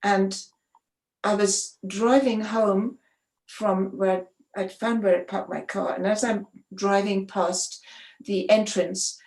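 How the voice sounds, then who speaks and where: A woman, a sports photographer, telling stories in a conversational interview, animated and often restarting her sentences. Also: mid-range voice, slow. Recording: roomy echo.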